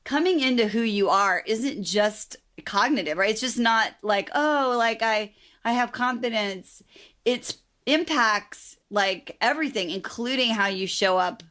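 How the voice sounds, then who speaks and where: A woman's voice: on the high side, unhurried, fairly bright tone. A middle-aged woman from the American Midwest hosting a podcast, bubbly and chatty, sprinkling "like" and swearing freely. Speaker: podcast host and dating coach. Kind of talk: casual podcast chat.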